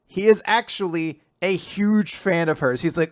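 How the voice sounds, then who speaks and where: A man's voice: high voice, a little slow, dry recording, clean studio sound. A man co-hosting a casual podcast, animatedly retelling comic chapters and acting out the characters' lines with frequent laughs. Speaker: podcast co-host recapping manga. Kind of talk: casual chat.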